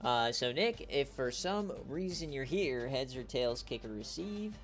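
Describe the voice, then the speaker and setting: A man giving casual, joking live-stream commentary on a league game as its host, teasing players and getting loud and excited at big plays. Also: mid-range voice, measured pace, soft background music.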